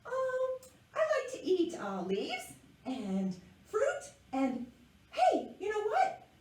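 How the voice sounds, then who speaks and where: A woman voicing an always-hungry male caterpillar puppet in a squeaky, eager, childlike voice. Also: wildly swooping pitch, takes it slowly, darkish tone, heavily acted. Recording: echoey room, mic far off.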